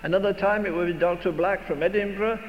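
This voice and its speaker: Older male preacher, high voice, emphatic rhetorical delivery, faint noise on the tape. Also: steady tone, fast talker. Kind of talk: sermon. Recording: dull recording in a reverberant hall, faint noise.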